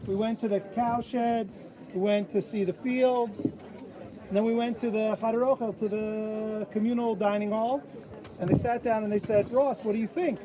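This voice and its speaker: Officiant, male, high voice, animated storyteller; outdoors with a crowd murmuring behind. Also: normal speed. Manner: animated storyteller who acts out quoted voices. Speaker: officiant at a bat mitzvah. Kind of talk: sermon with storytelling. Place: outdoors at an old stone wall.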